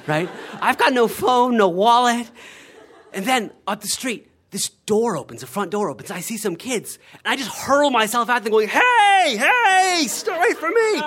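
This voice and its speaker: A middle-aged man telling a comic story on stage, acting out quoted voices and tossing in "right?" to the listeners. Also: high-pitched. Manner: animated, acts out quoted voices, frequent "right?".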